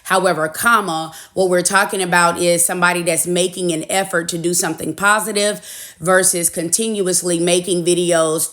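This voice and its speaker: A woman with a fairly low voice delivers scripted commentary. She talks in an earnest, measured way and builds her points with care to persuade the listener. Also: fairly bright tone. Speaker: commentary host.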